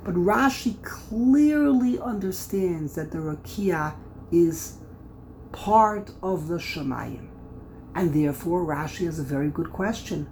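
A man teaches a Bible lesson in a gravelly, fry-laced voice, working through the commentaries as he thinks aloud. He restarts and repeats words often and sounds out syllables with sudden loud stress. A faint hum of the room sits behind him. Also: high voice, lively intonation, slow, low-quality recording. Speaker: Torah teacher.

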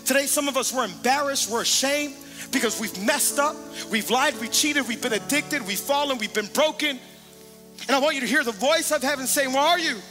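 A middle-aged man preaching a sermon as pastor, emphatic and energetic, calling out to the congregation. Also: very high-pitched, moderate pace. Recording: long hall reverb with music underneath.

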